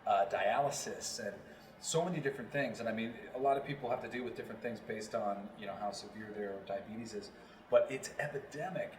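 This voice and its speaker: A man's voice: fairly low pitch, brisk, crowd noise. Rambling man on a distant, roomy mic. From New York, Long Island. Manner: rambling, many fillers and restarts. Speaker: guest, voiceover actor. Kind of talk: casual interview chat.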